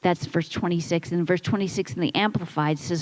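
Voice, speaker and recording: A woman's voice: on the low side, fairly even intonation, a little fast, few pauses, low-quality recording. A woman pastor preaching a conversational sermon in a church, building points through repetition and quoted asides. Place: church sanctuary.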